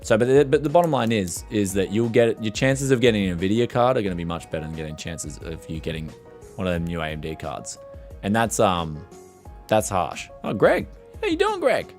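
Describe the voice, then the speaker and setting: Faint music plays behind a man with a fairly low, strained voice, worn from yelling, who talks fairly quickly. He's running a tech livestream, chatting in a rambling, animated way and reading out questions from the chat.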